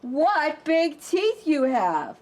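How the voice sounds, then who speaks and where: A woman plays a well-mannered little storybook girl who speaks with prim, earnest politeness. The delivery is slow and careful, and it rises and falls expressively. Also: sits high, sing-song, darkish tone, voice pushed up, exaggerated voice. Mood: innocent. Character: polite, innocent little girl in a red hood.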